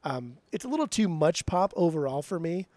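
A man's voice: big pitch swings, brisk, a little mellow, dry recording. A man co-hosting a music podcast, ranting in mock outrage and swearing often as he argues over album rankings. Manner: swears a lot, mock-outraged rants, mimics his co-host in a higher voice. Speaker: podcast co-host. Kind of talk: casual heated music chat.

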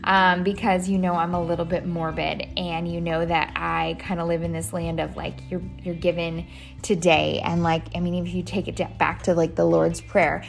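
A woman's voice: fairly low pitch, little pitch movement, normal speed, vocal fry, faint music behind. A woman in her thirties hosting a podcast, chatting casually with lots of fillers and restarts. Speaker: podcast host. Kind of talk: casual solo podcast talk.

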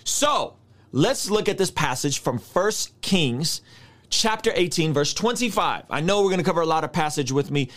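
Animated, high-pitched preaching man. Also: moderate pace. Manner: animated, mock-outraged asides; addresses listeners directly, conversational. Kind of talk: sermon-style scripture teaching.

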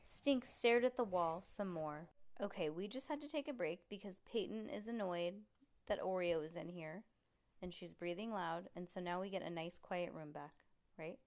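A woman reading a children's book aloud to a child at home, with relaxed, chatty asides. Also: on the low side, normal speed. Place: room at home.

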